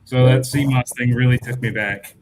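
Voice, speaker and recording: A man's voice: mid-range voice, fairly even intonation, moderate pace, darkish tone, low-quality recording. A man co-hosting a livestream, chatting casually and joking with the panel. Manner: casual, joking, runs the vote. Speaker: livestream co-host. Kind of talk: casual online chat.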